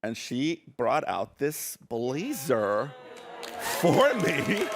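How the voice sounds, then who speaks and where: A man's voice: medium pitch, expressive, slow pace, a loud crowd, very noisy. A young adult man telling funny personal stories and reading poems at a live show, playful and self-mocking, often laughing through his lines. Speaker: spoken word poet and storyteller. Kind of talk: live comic storytelling and poetry reading.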